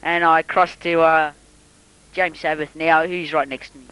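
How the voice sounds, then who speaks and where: A man's voice: on the high side, flat delivery, a little slow, sharp tone, clean tone, dry recording, low-quality recording. A man improvising comedic sports commentary, jokey and hesitant, muddling names with plenty of fillers.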